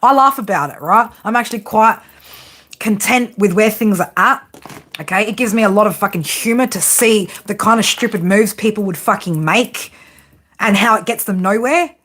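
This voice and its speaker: A woman's voice: mid-range voice, moderate pace, fairly bright tone. A woman reading tarot for her viewers, ranting in an exasperated way, swearing constantly, laughing often and asking "right?" again and again. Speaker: psychic tarot reader.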